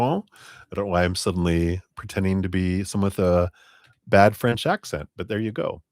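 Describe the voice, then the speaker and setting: A man with a low, deep voice reads tarot on a live stream, talking gently and taking his time over each card. His voice is close to the mic and sounds dry, with no room around it. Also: no room sound. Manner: gentle, unhurried spiritual guidance. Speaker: tarot reader.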